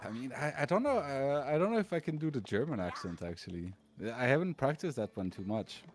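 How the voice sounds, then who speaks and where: Brief: man, mid pitch, laid-back co-caster, jokes, halting delivery. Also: big pitch swings, a little hiss or hum. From Belgium. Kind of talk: live game commentary.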